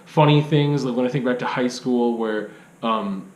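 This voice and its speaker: A man's voice: medium pitch, normal speed, a little mellow. Rambling man in an echoey studio. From Canada. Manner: rambling and self-deprecating, lots of hedging fillers. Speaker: video blogger and artist. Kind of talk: casual unscripted monologue. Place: art studio. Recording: echoey room.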